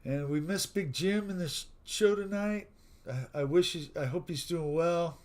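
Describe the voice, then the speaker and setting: A man hosting a casual live stream, reading out viewers' jokes, laughing often and signing off to his chat. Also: fairly high pitch. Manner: slow, warm sign-off talk with frequent laughing at chat jokes. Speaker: livestream host.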